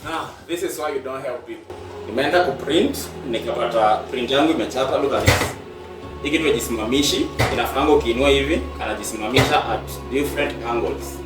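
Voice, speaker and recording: A Kenyan man vents in frustration while filming his vlog, standing back from the mic in a roomy, echoing space. Music plays clearly behind him. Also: mid-range voice, quick pace, recorded from a distance. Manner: frustrated venting, mixing English and Swahili. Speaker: vlogger. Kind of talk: casual on-location vlog talk.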